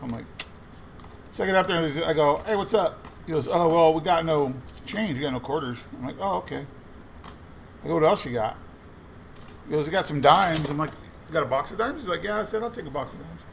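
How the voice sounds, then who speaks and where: A man's voice: fairly high pitch, brisk, gravelly, pauses often, a little hiss or hum. A man casually telling a rambling anecdote while sorting coins, quoting other people's lines as he goes. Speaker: coin roll hunting vlogger. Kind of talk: casual storytelling while searching coin rolls.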